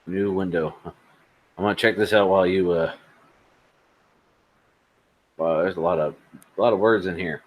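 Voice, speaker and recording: A man's voice: low voice, fairly even intonation, measured pace, pauses often, narrow, tinny audio. A man co-hosting a casual tech podcast, blunt, sarcastic and profane in his remarks. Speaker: podcast co-host.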